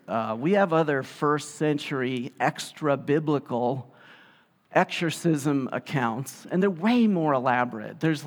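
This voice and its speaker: A male pastor preaching a sermon in a conversational, animated storytelling way, with casual asides. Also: on the high side. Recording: reverberant hall sound.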